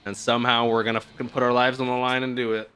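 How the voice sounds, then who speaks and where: A young man hosting an anime reaction, talking in casual slang with some swearing, swinging from hushed awe to loud excited outbursts. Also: mid-range voice, fast talker, clear, resonant tone, faint music behind. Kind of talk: live reaction commentary.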